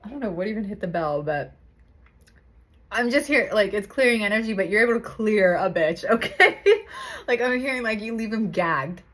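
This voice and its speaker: A woman's voice: medium pitch, animated, normal speed, a bit bright. A young woman giving a casual tarot reading to camera, chatty and laughing often, swearing casually. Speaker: tarot reader.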